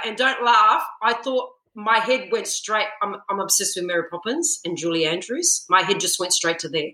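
A woman's voice: medium pitch, normal speed, hardly any pauses, pushed and bright. A woman singer, a podcast guest, telling her story animatedly and acting out her own panic in quotes. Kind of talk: podcast interview. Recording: echoey room.

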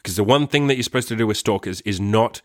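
A man's voice: fairly low pitch, fast talker, dry recording, clean studio sound. A man telling a personal story in a rambling, casual way, swearing often and filling his speech with "like" and "right?". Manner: rambling, profane, heavy use of "like" and "right?".

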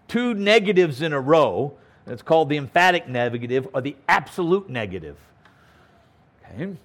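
Emphatic pastor, slow and lively. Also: male voice, a little high. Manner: emphatic, repeats key words, frequent "okay?" checks. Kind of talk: verse-by-verse Bible teaching sermon.

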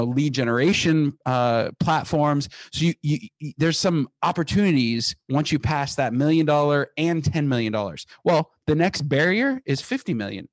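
A man being interviewed about the business he founded. He talks in an emphatic, energetic way and often restarts his sentences. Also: mid-range voice, no echo. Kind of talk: casual interview talk.

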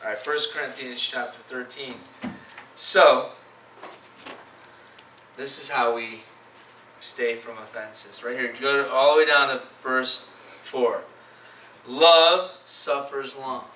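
A man preaching a sermon in an animated way, with restarts and dramatic pauses. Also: mid-range voice, a little hiss or hum. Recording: echoey room, mic from far off.

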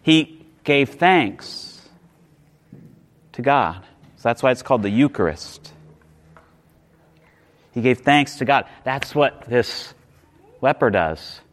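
A man's voice: medium pitch, expressive, slow, pauses often. A male pastor preaching a sermon, emphatic, often repeating words and restarting phrases.

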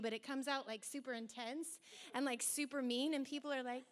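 Animated high-voiced woman preaching. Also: fairly quick. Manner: animated, acts out quoted voices. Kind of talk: sermon.

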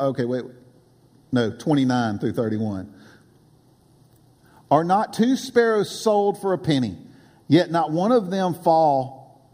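A high-voiced, husky man preaching from the pulpit, swinging widely between loud emphasis and quiet asides. His voice rings out with the long reverb of a church hall. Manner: animated preaching with sudden drops to a low aside. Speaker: pastor. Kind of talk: sermon.

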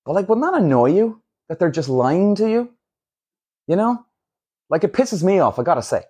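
Husky-voiced man ranting on a podcast. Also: sits high, normal speed. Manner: blunt, animated, swears freely. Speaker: podcast host. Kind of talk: casual solo podcast rant.

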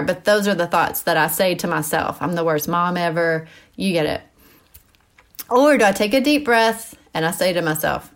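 A woman, a mother of school-age kids, hosting a casual Christian teaching podcast, talking in a chatty, animated way with frequent asides and fillers. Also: lowish voice, normal speed. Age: mother of middle schoolers. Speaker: podcast host.

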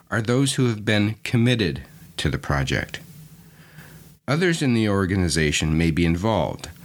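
Deep-voiced man explaining in a podcast. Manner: clear, methodical explaining. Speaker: podcast host. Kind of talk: explanatory lesson narration.

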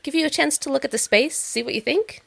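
An actress playing a gracious, sweet-natured female artist in an audio drama, effusive and gently probing. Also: sits high, fast, gravelly, a little hiss or hum, exaggerated voice. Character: gracious warm female artist, doctor's wife.

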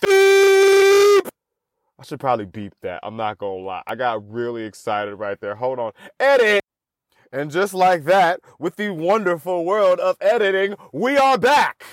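A man's voice: fairly high pitch, normal speed, dry recording. A young man hosting a solo podcast, talking in a profane, rambling and self-mocking way into a close mic. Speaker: podcast host. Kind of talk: casual solo podcast monologue.

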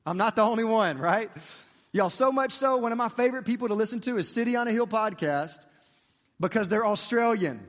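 A man preaching a sermon, chatty and lively, joking with the congregation. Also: high voice, a little fast, in a large hall. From United States. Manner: conversational and lively, with playful asides to the congregation.

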